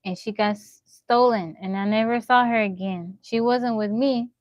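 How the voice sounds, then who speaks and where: A young woman live-streaming from her phone, telling animated stories to her chat and laughing often. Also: fairly high pitch, normal speed, no echo, lo-fi sound. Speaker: livestreamer.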